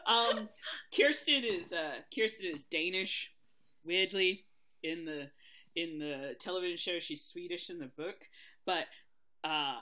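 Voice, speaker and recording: A woman talks casually as a podcast co-host, candid and quick to laugh. Her voice is bright and forward, and she swears lightly as she explains her points. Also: lowish voice. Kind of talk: casual chat reviewing a TV adaptation.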